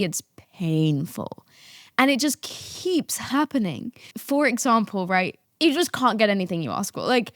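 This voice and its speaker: A young woman hosting a podcast, telling a story in a casual, animated way, swearing and breaking into laughter. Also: medium pitch, no echo, clean studio sound. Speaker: podcast host.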